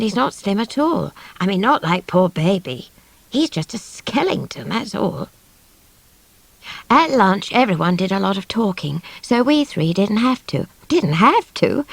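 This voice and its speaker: A woman's voice: medium pitch, gravelly, no echo. A woman narrating an audiobook in the first person, with a wry, slangy, offhand way of telling the story.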